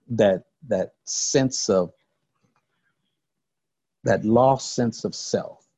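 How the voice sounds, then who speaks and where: A deep, husky older man gives an earnest recovery testimony, his voice gravelly and mellow. He talks in halting, repeating phrases. The recording is dry and a little dull. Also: no echo. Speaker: recovery speaker.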